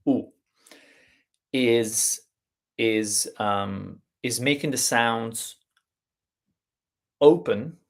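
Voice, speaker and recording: Man, language teacher, live online lesson, gravelly voice, unhurried, fillers and restarts. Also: medium pitch. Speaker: Italian teacher.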